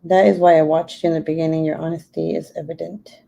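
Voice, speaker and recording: A woman's voice: low voice, flat delivery, fast, vocal fry, warm tone, highs cut off, slight background noise. A woman in her twenties chatting casually on her live stream, cussing freely and laughing often. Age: 20s. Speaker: YouTuber.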